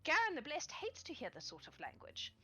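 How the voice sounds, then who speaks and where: A woman's voice: sits high, wildly swooping pitch, fairly quick, sharp tone, soft background music, pitched above the performer's own voice, heavily acted. A woman voicing a sweet-mannered, scheming noblewoman who speaks with condescending politeness in a tabletop game. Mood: sweetly smug. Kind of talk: tabletop role-play voicing.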